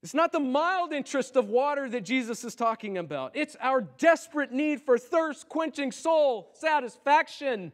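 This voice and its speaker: A man preaching a sermon in a church, impassioned, rising to loud cries and then dropping low and quiet. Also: expressive, moderate pace, hardly any pauses. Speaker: pastor. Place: church sanctuary.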